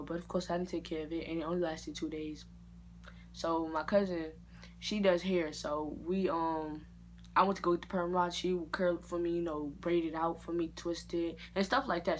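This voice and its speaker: A young adult woman vlogger telling a story in a casual, slangy way and jumping into high-pitched reactions. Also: slight background noise.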